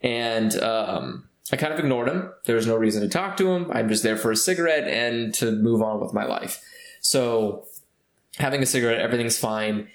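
A man's voice: mid-range voice, animated, normal speed. Man, from California, casual rambling storytelling, lots of fillers, roomy echo. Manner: rambling, with many fillers and restarts.

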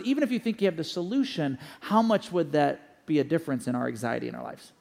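Man, pastor, sermon, gravelly, high pitch, loud peaks and hushed lows. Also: fast talker, few pauses, in a large hall. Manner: swings from loud fervent peaks to quiet low passages.

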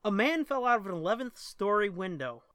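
Guy cohosting a podcast, bright voice, dry sound, cussing and goofing around. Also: sits high, very animated, brisk, clean tone, dry recording. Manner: profane, joking, easily distracted. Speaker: podcast co-host. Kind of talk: casual chat.

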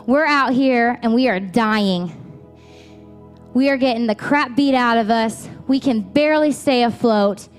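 A woman's voice: sits high, unhurried, soft background music. A woman in her thirties preaching a sermon in a church, talking candidly and conversationally. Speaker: pastor. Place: church auditorium.

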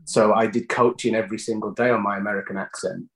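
A British man talks through his acting process in an easy, conversational way. He circles his points with false starts and doubled words as he thinks. The sound is roomy, with a clear echo. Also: on the low side, level tone, fast, a bit bright. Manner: thoughtful, stumbling restarts and repeated words. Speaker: actor guest. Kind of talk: conversational interview answers.

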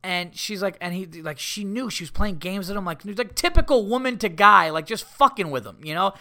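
A man hosting a comedy podcast, telling rambling, profane stories in a casual, animated way. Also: high voice, brisk.

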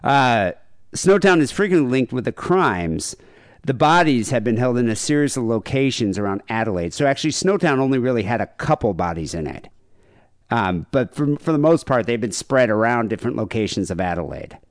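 A man's voice: mid-range voice, expressive, a little fast, no echo. A man hosting a podcast, chatting casually and reading out case notes with wry, dry commentary. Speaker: podcast host.

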